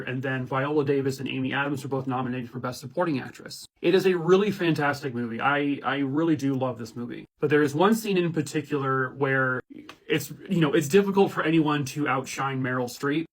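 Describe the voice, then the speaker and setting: A man hosting a casual movie and TV review chat, talking in an enthusiastic, conversational way. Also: mid-range voice. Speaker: host.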